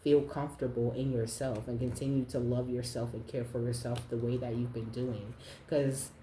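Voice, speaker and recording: Low, mellow-voiced woman reader, blunt and profane. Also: flat delivery, normal speed, a little hiss or hum. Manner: blunt, profane, laughs often, tags lines with "okay?". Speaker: spiritual card reader. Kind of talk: casual spiritual reading to camera. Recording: roomy echo.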